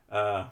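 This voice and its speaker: A man's voice: fairly low pitch, gravelly, a bit bright. Rambling casual male streamer. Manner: rambling, self-mocking, wandering asides. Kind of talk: casual live stream chat.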